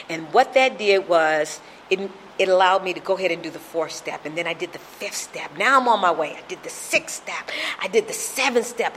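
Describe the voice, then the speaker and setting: A woman's voice: fairly low pitch, a little hiss or hum. A middle-aged woman telling her recovery story at a meeting, emotional and repetitive in her storytelling.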